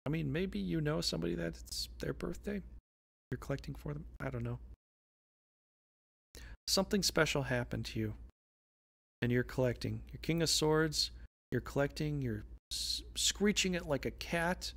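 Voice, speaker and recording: Brief: an amateur tarot reader, casual and jokey, rambling off on silly tangents, mid pitch. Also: normal speed, vocal fry, long pauses. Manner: playful, rambling, goofy tangents.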